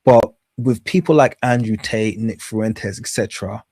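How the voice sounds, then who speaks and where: A man talks through clips in a casual, rambling way, with a sarcastic edge and frequent chuckles. His voice is mid-pitched and recorded up close with a dry sound. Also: a little slow, darkish tone, breathy edge, no echo. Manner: sarcastic, rambling, laughs at his own jokes. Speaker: commentary host.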